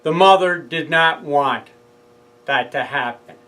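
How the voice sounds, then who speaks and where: Slow-talking man telling a rambling story. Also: on the high side, sharp tone, poor audio. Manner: rambling, conversational storytelling full of asides and self-corrections. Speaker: father speaking out about his own court case. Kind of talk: casual monologue to camera.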